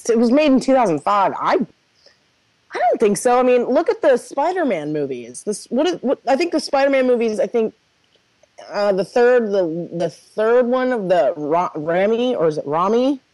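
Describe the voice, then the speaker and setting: A woman's voice: fairly high pitch, normal speed, no echo, rough recording. A woman co-hosting a podcast, talking casually with some hesitation. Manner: lively, hesitant, laughs often. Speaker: podcast co-host. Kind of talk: casual group chat.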